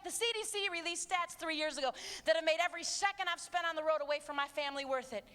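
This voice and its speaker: A woman's voice: sits high, pushed and bright. A woman giving an emphatic, preachy live talk to teenagers, mixing stories with direct challenges. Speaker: speaker addressing teens. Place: large hall with audience. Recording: long hall reverb, faint crowd.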